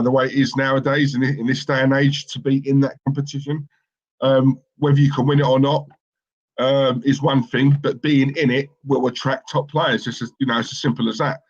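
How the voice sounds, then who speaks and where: A man's voice: mid-range voice, muffled recording. A man co-hosting a live football watchalong stream, chatting casually and reading out viewer comments in a rambling, opinionated way with lots of fillers and restarts.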